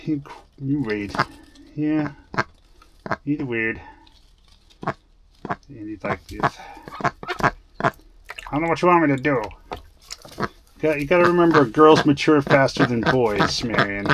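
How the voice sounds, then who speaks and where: A man's voice: mid-range voice, lively intonation, slow pace, pauses often, background noise. A man on a snowy farm talking playfully to his animals, teasing and scolding them like pets, on a small clip-on mic. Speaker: farm vlogger. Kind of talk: casual talk to farm animals. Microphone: small wireless clip-on mic.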